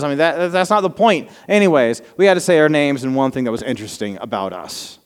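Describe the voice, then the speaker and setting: A man's voice: mid-range voice, expressive, fairly quick, hardly any pauses, smooth. A man in his thirties preaching a sermon to a congregation, telling personal stories in a conversational, self-deprecating way with a slight Southern American accent. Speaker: pastor. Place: church sanctuary before a congregation. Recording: long reverb of a large hall.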